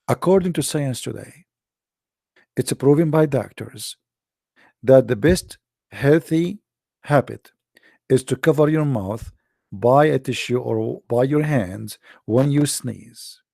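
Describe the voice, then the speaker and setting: A man's voice: mid-range voice, creaky, mellow, husky, no room sound, clean studio sound. A man giving mocking religious commentary, sarcastic and sing-song, drawing out the words he quotes. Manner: sarcastic, sing-song mockery with slow drawn-out quoting.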